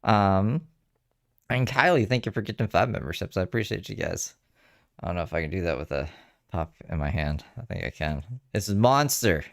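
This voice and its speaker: A man's voice: deep voice, lively intonation, moderate pace, creaky, no room sound, clean studio sound. A man giving casual, chatty commentary on a livestream, swearing and laughing as he goes. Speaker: streamer reacting to a livestream. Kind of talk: casual live reaction commentary.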